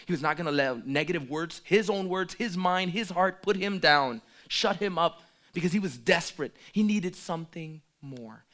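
Man preaching, fairly high voice, hushed asides then loud emphatic calls. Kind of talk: sermon.

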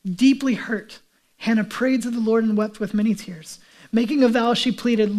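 A man's voice: very high voice, fairly even intonation, normal speed, darkish tone. Conversational male pastor preaching. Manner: conversational, asks the listeners many rhetorical questions. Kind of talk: sermon.

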